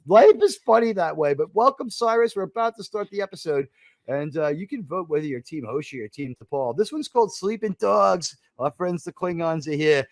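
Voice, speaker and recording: An American man hosting a casual online panel, joking around with quick asides and loud bursts. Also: on the high side, expressive, creaky, dry recording. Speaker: panel host.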